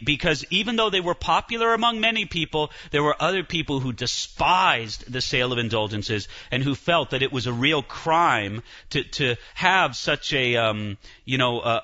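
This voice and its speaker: A man giving a church history lecture, telling it as an animated story with frequent restarts. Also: on the high side, muffled recording.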